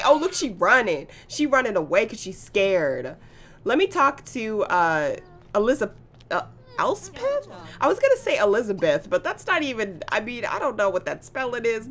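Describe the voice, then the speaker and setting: Woman gamer host, casual play-along chatter, swoops up and down a lot, excitable. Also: fairly high pitch, normal speed. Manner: chatty, excitable, gasps and laughs at the action. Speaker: gaming channel host. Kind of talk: casual let's-play commentary.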